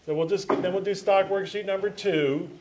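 A man's voice: high-pitched, steady tone, moderate pace, noisy background. A male teacher giving a classroom lecture, joking with students and correcting himself as he rambles.

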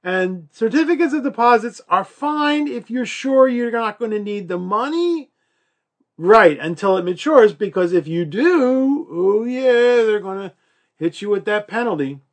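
A man's voice: high voice, animated, measured pace. A male college instructor giving a recorded lecture in a chatty, joking way, with many fillers and acted-out quotes.

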